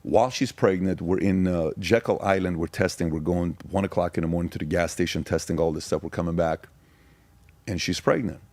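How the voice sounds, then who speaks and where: A man's voice: sits low, steady tone, darkish tone, no echo. A middle-aged man from Iran, a podcast guest, telling stories in an emphatic way and hammering points through repetition. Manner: emphatic, rapid-fire repetition. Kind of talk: casual storytelling.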